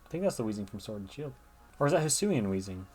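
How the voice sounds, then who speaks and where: A man's voice: fairly low pitch, big pitch swings, fast talker, a little mellow, husky. A man giving chatty gameplay commentary, thinking aloud as he plays. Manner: chatty, thinks aloud, reads game dialogue. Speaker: gamer.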